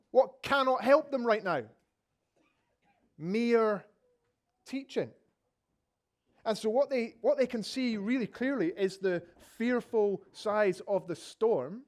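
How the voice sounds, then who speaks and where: Scottish pastor with a higher voice. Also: male voice. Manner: vivid storytelling with rhetorical questions. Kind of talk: sermon.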